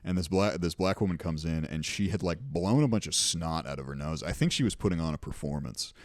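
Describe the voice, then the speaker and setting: A man's voice: deep voice, animated, fairly quick, no echo. A young man hosting a podcast, telling rambling, profane anecdotes in casual chat. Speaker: podcast host.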